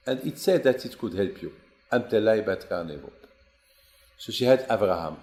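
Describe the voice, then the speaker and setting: Animated storytelling man. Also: moderate pace, reverberant. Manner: animated storyteller, acts out quotes with rising pitch. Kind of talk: Torah class storytelling.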